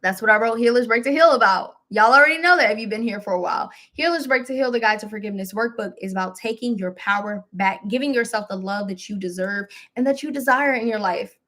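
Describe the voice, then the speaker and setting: A woman hosting a spiritual live stream, talking casually and encouragingly with some laughs and relaxed colloquial phrasing. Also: fairly high pitch, fast talker, hardly any pauses. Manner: warm, chatty, with laughs, mild self-deprecation and AAVE phrasing.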